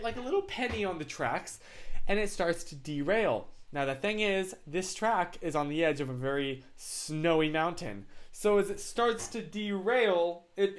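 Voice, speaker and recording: A young man with a hoarse, raspy throat, chatting casually on a live stream in a rambling, self-mocking way. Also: on the high side.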